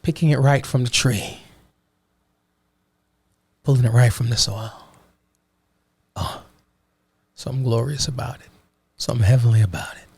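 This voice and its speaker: A man from Jamaica talks in a loose, animated way, his accent thickening into patois phrases. His voice has a gravelly grain. The recording is dry and close, with no room sound. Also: medium pitch, moderate pace, pauses often, no room sound. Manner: animated, slips into patois phrases, repeats "you know what I mean". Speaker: vlogger. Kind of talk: casual travel chat.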